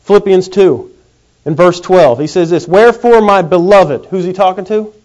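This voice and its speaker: A man preaching a sermon in a folksy, animated way. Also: high-pitched. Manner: folksy, animated, acts out quick comic voices. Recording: dull lo-fi recording.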